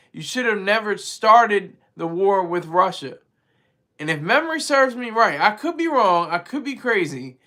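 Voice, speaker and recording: A man hosting a casual political commentary vlog, talking in an animated, rambling way with frequent restarts. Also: sits high. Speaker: vlog host.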